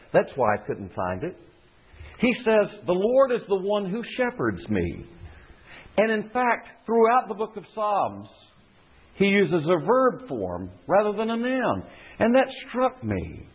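Husky-voiced preacher on a tinny line. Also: male voice, fairly high pitch. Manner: teaching, explanatory, repeats phrases for emphasis. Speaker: pastor. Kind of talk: sermon. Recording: tinny phone-like sound.

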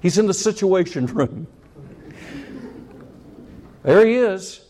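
A man's voice: sits high, lively intonation, slow, warm tone. A man preaching a sermon, cracking jokes and acting out scenes in voices. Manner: jokey, acts out scenes in voices. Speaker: pastor.

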